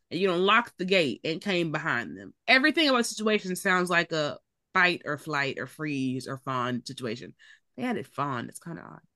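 Animated, bright-voiced woman podcast co-host. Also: lowish voice, no room sound, studio quality. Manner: blunt, exasperated, swears freely. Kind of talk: casual movie discussion.

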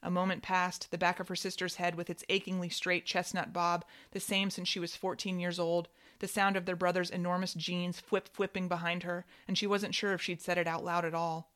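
Woman, lowish voice, measured wry fiction reading. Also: little pitch movement, fairly bright tone, clear, resonant tone. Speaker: narrator.

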